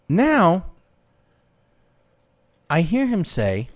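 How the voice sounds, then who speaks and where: Animated, profane male storyteller. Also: very high-pitched, slow pace, pauses often. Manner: animated, profane, gets loud and laughing as the story builds. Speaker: podcast co-host. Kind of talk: casual chat, telling a funny story.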